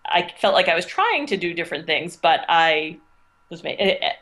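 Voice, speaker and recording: Soft-pitched woman telling classroom stories. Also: very animated, normal speed. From United States. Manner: thoughtful, storytelling, frequent restarts. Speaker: interviewed teacher. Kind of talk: casual interview talk.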